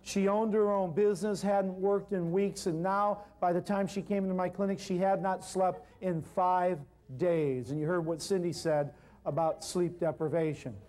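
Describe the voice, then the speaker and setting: Man, high-pitched, animated storyteller, seminar talk, speaks straight to the crowd. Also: normal speed. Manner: animated storyteller, addresses audience directly. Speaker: natural healing speaker. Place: seminar hall with audience.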